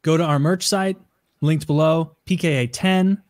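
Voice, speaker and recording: A man's voice: on the high side, fairly even intonation, a little slow, darkish tone, no echo, studio quality. A man co-hosting a podcast, joking crudely and laughing often as he reads a merch plug. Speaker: podcast co-host. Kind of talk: casual podcast banter.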